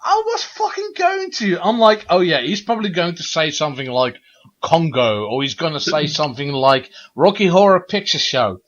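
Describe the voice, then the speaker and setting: A man's voice: fairly high pitch, expressive, moderate pace, a bit bright. A man co-hosting a casual chat over a video call, playful and teasing. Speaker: podcast co-host. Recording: dull lo-fi call audio.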